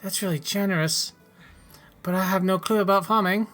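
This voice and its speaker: A man's voice: sits high, fairly even intonation, moderate pace, a bit bright, faint music behind, pitched above the performer's own voice. A bookish Canadian greenhorn speaks with careful, formal politeness, as a man puts him on. His accent is Canadian and his manner stays courteous. It plays as a game character. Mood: polite.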